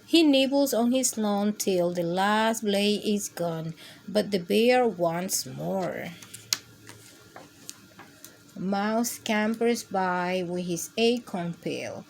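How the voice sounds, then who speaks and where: A woman reading picture books aloud to children with a gentle, expressive storytime manner. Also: mid-range voice, very slow, vocal fry, slight background noise. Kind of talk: read-aloud storytime for kids.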